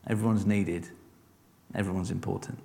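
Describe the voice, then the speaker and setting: A man's voice: low-pitched, steady tone, normal speed, vocal fry, warm tone, in a large hall. A man preaching a sermon, conversational and encouraging, with frequent rhetorical questions.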